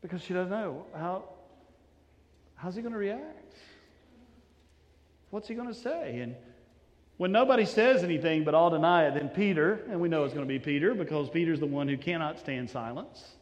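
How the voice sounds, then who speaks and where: A man preaching a sermon, telling the story dramatically, acting out voices and dropping to a hush. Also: a little high, expressive, normal speed, long pauses, highs cut off, a little hiss or hum. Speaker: pastor. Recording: long hall reverb.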